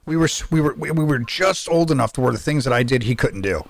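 Animated, swearing man telling game stories. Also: mid-range voice, fast talker, creaky. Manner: animated, profane storytelling with lots of restarts. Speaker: podcast co-host and streamer. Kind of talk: casual podcast chat.

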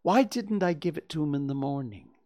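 A woman's voice: low-pitched, lively intonation, fairly quick, mellow, no room sound, studio quality. A woman voicing a young boy who sounds wistful and sorry. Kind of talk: storybook reading.

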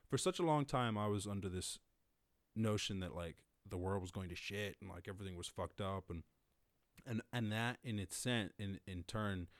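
A man hosting a casual solo podcast, rambling and swearing, laughing often and jumping to loud high exclamations. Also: no echo. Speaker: podcast host.

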